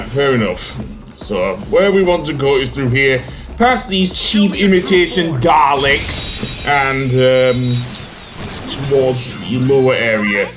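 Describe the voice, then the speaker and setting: A man's voice: mid-range voice, fairly bright tone. A man hosting a let's play, chatting casually over his gameplay with lots of fillers and self-corrections.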